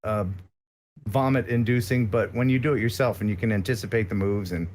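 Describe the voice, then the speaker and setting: A man's voice: lowish voice, steady tone, fairly quick, a little mellow, a little hiss or hum. An American man chatting casually as a guest on a live stream, rambling and joking with lots of filler words.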